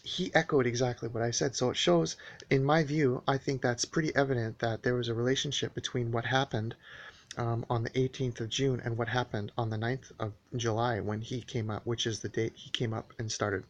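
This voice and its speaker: A man's voice: mid-range voice, fairly even intonation, brisk. A man recounting a personal dispute in a casual spoken monologue, rambling and hesitant with many fillers, earnest and aggrieved.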